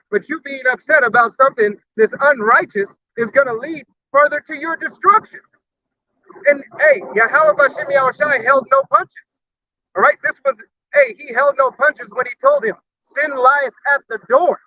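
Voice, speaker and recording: A man's voice: very high voice, pushed and bright, no echo, lo-fi sound. A man preaching a fiery sermon, blunt and profane, punctuating every point with a challenging "all right?". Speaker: street preacher.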